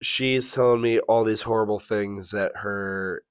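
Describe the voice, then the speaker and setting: Guy on a podcast w a lowish voice, swears a lot, acts out every line of his story, dry close sound. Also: a little slow, smooth, no echo. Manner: profane, animated storytelling with acted-out quotes. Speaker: podcast co-host. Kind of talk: casual storytelling.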